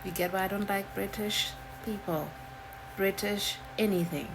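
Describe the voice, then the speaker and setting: A woman giving casual, animated reaction commentary with exasperated asides. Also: mid-range voice, moderate pace, background noise. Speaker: reaction video creator.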